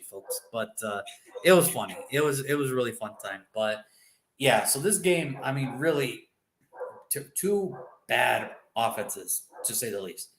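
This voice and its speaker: A man's voice: medium pitch, fairly bright tone, echoey room, slight background noise, poor audio. A man co-hosting a sports show, chatting loosely about football picks and rambling as he swears freely. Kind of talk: casual sports prediction chat.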